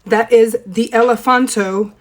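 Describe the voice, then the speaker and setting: A young woman with a hoarse, rough voice from a cold, chatting playfully through a makeup tutorial. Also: fairly even intonation, unhurried. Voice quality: deep, rough voice. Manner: playful, self-mocking, chatty. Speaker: makeup vlogger. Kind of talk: casual makeup tutorial chat.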